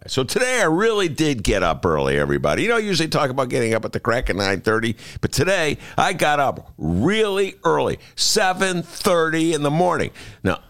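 A man's voice: fairly high pitch, big pitch swings, fairly quick, a bit bright. A man hosting a casual radio talk show, telling rambling jokey stories and acting out other people's lines. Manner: rambling, jokey storyteller with voiced asides. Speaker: host.

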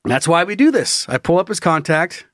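Here a podcast host relates a story with drama and swagger, peppering it with curses and his own laughter in a relaxed, chatty style. His slightly high voice moves at a normal speed, recorded in studio quality without echo.

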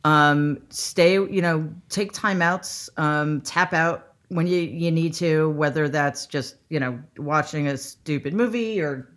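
A woman psychologist on a casual panel chat, candid and laughing often, with halting restarts. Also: low voice. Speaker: psychologist guest.

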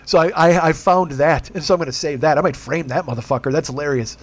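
A man's voice: fairly high pitch, quick pace. A man telling a profane, comic story as a rant, acting out the people he quotes in put-on voices. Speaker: podcast host.

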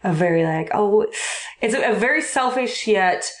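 A woman's voice: mid-range voice, expressive, moderate pace. A woman from the American Midwest, a comedian guest in a casual podcast chat, who rambles, giggles and pokes fun at herself. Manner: giggly, rambling, self-deprecating.

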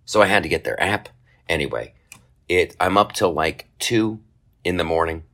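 A man hosting a podcast, telling a comic story in a casual, profane way and jumping into high mocking voices for other people. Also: moderate pace, a bit bright. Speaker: podcast host.

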